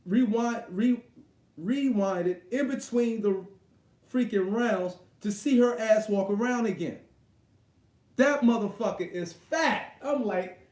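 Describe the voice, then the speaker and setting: A man hosting a live boxing stream, talking in a crude, excitable, rambling way full of slang. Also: high-pitched, slow, reverberant. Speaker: boxing show host. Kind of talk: casual live-stream chat.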